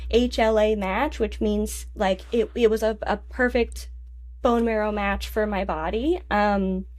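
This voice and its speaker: A young woman, a DJ and singer, telling a personal story in a podcast interview, halting and restarting, laughing through tears. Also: medium pitch, steady tone, darkish tone. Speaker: guest, DJ and vocalist.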